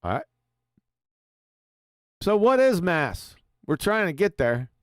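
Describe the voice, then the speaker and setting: A man's voice: high-pitched, big pitch swings, takes it slowly, dry recording, clean studio sound. A man hosting a live stream discussion, reading quotes aloud and mocking them with sarcastic asides. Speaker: host.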